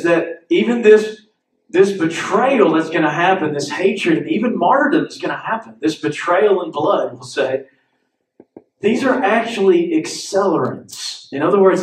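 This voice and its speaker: High-voiced animated male preacher. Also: reverberant, distant mic, rough recording. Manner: animated storytelling with laughs and acted-out quotes. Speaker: pastor. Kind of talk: sermon. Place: church sanctuary.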